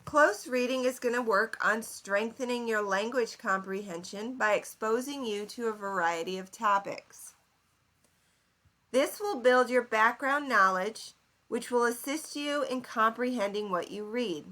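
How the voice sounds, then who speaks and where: Slow, bright-voiced woman teacher. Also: fairly high pitch. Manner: slow, clear teacherly explanation with questions to students. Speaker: seventh grade English teacher. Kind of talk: recorded lesson for students.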